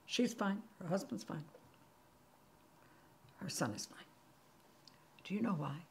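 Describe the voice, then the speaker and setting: A woman hosting and teaching a Torah class, telling the story with animated energy and sometimes dropping to a near-whisper for emphasis. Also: on the low side, slow, vocal fry, slight background noise.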